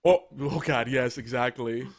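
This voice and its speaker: A man's voice: medium pitch, a little slow. A man co-hosting a casual fan podcast, playful and jokey, laughing often. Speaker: podcast co-host.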